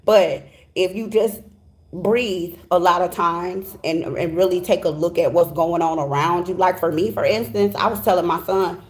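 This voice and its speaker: A woman's voice: lowish voice, steady tone, normal speed. A middle-aged woman giving a casual, heartfelt tarot reading, emphatic and chatty, often asking "okay?". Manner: emphatic, chatty, heartfelt, repeats "okay?" and "you know what I'm saying". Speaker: tarot reader.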